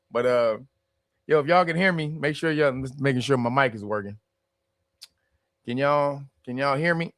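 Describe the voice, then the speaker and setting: A man livestreams casually, his voice strained from screaming, trading loose, profane banter and laughing a lot. His voice sits at medium pitch with a fairly bright tone, and he talks at a moderate pace with frequent pauses. The recording is dry.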